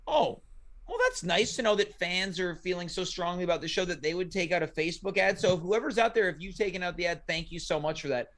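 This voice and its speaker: Male call-in host with a high voice; dry, bemused comic interviewer. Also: fast talker, a bit bright. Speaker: talk show host. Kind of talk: comedic live call-in show.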